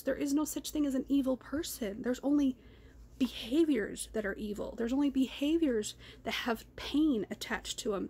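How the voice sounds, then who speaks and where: A woman's voice: high voice, a little mellow, slightly rough. Rambling, ranting woman vlogger. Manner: rambling and ranting, repeats words. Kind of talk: raw personal vlog. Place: car.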